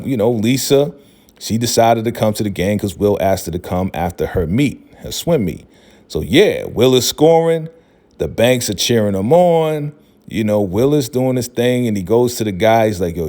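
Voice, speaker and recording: A man's voice: lowish voice, mellow. A man recapping a TV episode in a chatty, laughing way, often tagging lines with "right?". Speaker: show recap vlogger.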